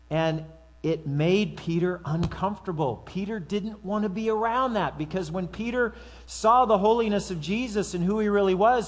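Guy preaching a sermon, kinda high voice, chatty, acts out the quotes and throws in asides. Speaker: pastor.

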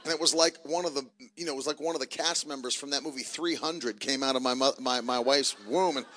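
A man in his thirties, a traveling preacher, telling jokey family stories from the pulpit with loud bursts. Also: mid-range voice, quick pace. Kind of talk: church announcements and family stories. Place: church service.

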